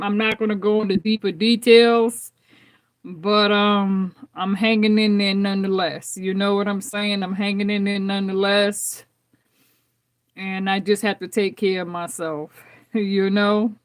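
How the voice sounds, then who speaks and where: A woman hosts a tarot live stream in an unhurried, drawn-out way. She talks to her viewers in a heartfelt, casual tone, laughs often and circles back over the same phrases. Her voice sits in an ordinary middle pitch. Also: flat delivery. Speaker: tarot reader hosting a live channel.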